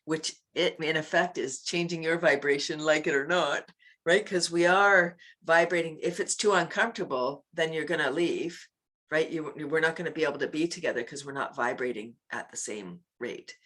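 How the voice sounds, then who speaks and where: A woman who teaches laughter yoga, chatting on a video call, laughing often and leading loud ho-ho-ha-ha chants. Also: low-pitched, moderate pace. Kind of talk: casual interview chat.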